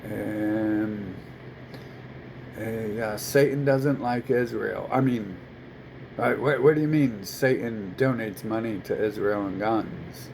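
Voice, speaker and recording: A man rants in a casual, profane, rambling way to camera. His voice is gravelly with plenty of creak. A faint air-conditioner hum runs behind him. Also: fairly low pitch, takes it slowly.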